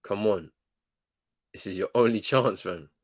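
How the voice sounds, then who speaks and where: Young man, lowish voice, slangy, exasperated, laughing, live football watchalong. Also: measured pace. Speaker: watchalong host.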